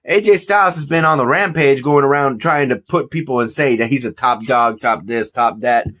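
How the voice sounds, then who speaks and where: A man's voice: mid-range voice, moderate pace, a bit bright. Rambling casual man hosting a podcast. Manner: rambling, joking, trips over words. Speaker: podcast host. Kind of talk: casual chat.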